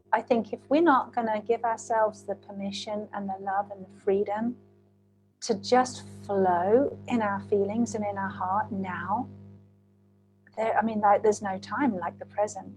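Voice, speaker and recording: A woman's voice: medium pitch, rough recording. A woman hosting a heartfelt casual chat, telling stories animatedly. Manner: animated storyteller, acts out quotes. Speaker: host.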